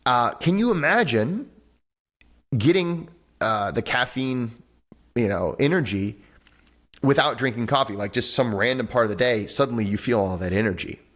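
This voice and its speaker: A man, a breathwork teacher and author, talks as a podcast guest over a video call. He explains things with animated energy, acts out little voices and often restarts his sentences. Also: mid-range voice, normal speed. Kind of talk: conversational interview on a podcast.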